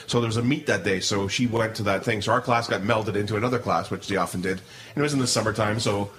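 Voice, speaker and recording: A man's voice: on the low side, steady tone, quick pace, a bit bright, slight background noise. A middle-aged man co-hosting a podcast, telling a rambling story with lots of restarts and laughter in casual chat. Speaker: podcast co-host.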